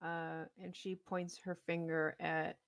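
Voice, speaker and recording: Gravelly low-voiced woman gm, dry close mic, laughing at the dice. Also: level tone, takes it slowly, dry recording. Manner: amused, laughs at outcomes. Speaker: game master. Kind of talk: running a tabletop game online.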